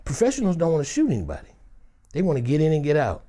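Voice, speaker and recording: Brief: male actor from Detroit, lively anecdotal storyteller with a raised, animated voice. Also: on the high side, rapid-fire. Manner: vivid, dramatic, acts out scenes with shifting voices.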